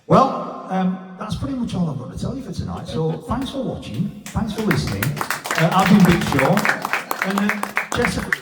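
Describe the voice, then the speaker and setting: Crude comedian in an echoey pub. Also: male voice, sits high, big pitch swings, moderate pace, loud music behind the voice, a loud crowd. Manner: crude, blunt storytelling with swearing. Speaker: stand-up comedian. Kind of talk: stand-up comedy set. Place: pub comedy room with a live audience. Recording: echoey pub room from far off.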